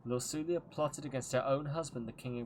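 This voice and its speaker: A man's voice: medium pitch, steady tone, a little fast, slight background noise, lightly acted, poor audio. A man reading out a formal royal letter, voicing a grave and stiff male messenger. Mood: solemn.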